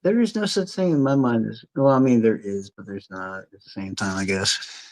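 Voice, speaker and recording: A man's voice: on the low side, normal speed, rough recording. A man chatting casually on a livestream, rambling and swearing as he gets worked up.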